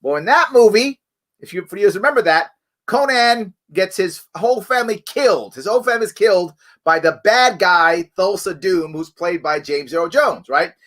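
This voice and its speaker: A middle-aged man hosts a live online show. His voice is bright and sits high. He talks conversationally, with emphatic asides and frequent "right?"s. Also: moderate pace. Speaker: show host.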